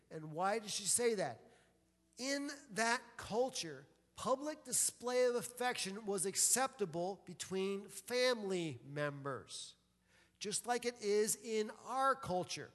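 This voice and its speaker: A high-pitched male pastor delivers a chatty, humorous sermon and drops playful asides between points. His voice rings out with a long reverb tail through a large church hall. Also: expressive, unhurried, fairly bright tone. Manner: conversational and joking, with playful asides.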